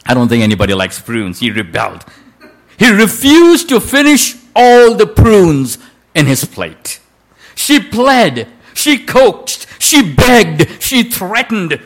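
A man's voice: high voice, wildly swooping pitch, slow. A male preacher telling a story in a sermon, with a dramatic delivery that draws out quoted lines.

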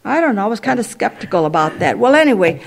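A woman giving a personal testimony to a congregation, telling it as a lively, conversational story. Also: on the high side, fast, gravelly. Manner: animated, conversational storytelling with sound effects.

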